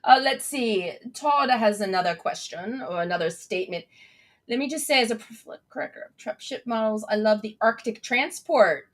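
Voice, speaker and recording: A woman's voice: on the high side, lively intonation, normal speed. A young adult woman hosting a casual livestream chat, bubbly and enthusiastic as she reads out viewer comments. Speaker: host.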